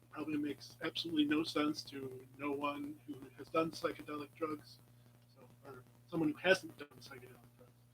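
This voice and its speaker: A man's voice: a little high, little pitch movement, a little fast, fairly bright tone, a little hiss or hum, rough recording. A man hosting a casual live chat with viewers, meandering and playful, with many ums and restarts, sometimes dropping to a whisper. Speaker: live stream host.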